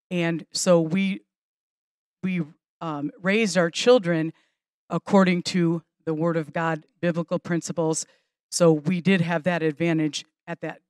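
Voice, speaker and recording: A middle-aged woman pastor teaches a class of mothers in a conversational, earnest style, restarting sentences, laughing a little, and stressing key points. Her voice is lowish, and the recording is dry with clean studio sound.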